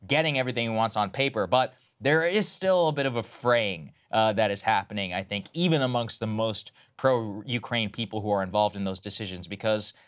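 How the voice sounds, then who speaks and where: A man co-hosting a political talk show, giving opinionated commentary in an emphatic, sarcastic way, jumping up in pitch and volume to drive points home. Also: a little fast, hardly any pauses, clear, resonant tone. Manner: emphatic, sarcastic, swings loud and high on points.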